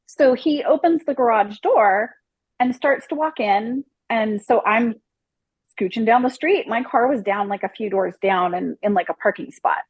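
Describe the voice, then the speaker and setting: Woman guest spinning a wild date story, kinda husky, dry close sound, does all the voices. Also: fairly high pitch, moderate pace, no room sound, low-quality recording. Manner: animated, acts out the people in her story, laughs mid-story. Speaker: guest telling a dating story. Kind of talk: casual podcast storytelling.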